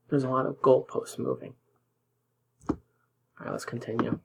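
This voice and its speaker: A man's voice: medium pitch, little pitch movement, brisk, gravelly, pauses often, darkish tone, slightly rough, low-quality recording. A man hosting political commentary, reacting indignantly to news clips, sometimes dropping to a whisper for emphasis.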